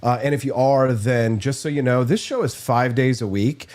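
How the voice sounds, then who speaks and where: A man's voice: mid-range voice, normal speed, a little mellow. A man hosting a live morning show, chatting casually and promoting the stream in an upbeat way. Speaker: host.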